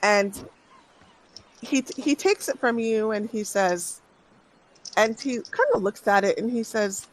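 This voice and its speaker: A game master narrating a tabletop game, unhurried and hesitant, often restarting phrases. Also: mid-range voice, rough recording.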